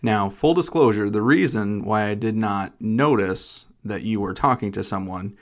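A man's voice: lowish voice, moderate pace. A man hosting a casual podcast chat, playful and self-deprecating, telling stories with teasing humor. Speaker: podcast host.

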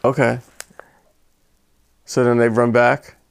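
A man's voice: mid-range voice, little pitch movement, takes it slowly, creaky, clean tone, dry recording. A man co-hosting a podcast, cutting in with dry remarks in casual banter. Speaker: podcast co-host.

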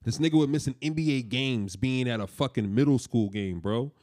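A young man co-hosting a casual podcast chat, talking in an animated, profane and teasing way. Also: mid-range voice, a little fast. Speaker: podcast co-host.

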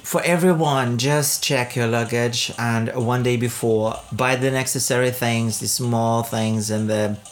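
Chatty laughing woman, slow rambling delivery. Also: very deep voice, steady tone, soft background music. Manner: chatty, rambling, laughs often, many fillers and restarts. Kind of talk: casual travel vlog chat.

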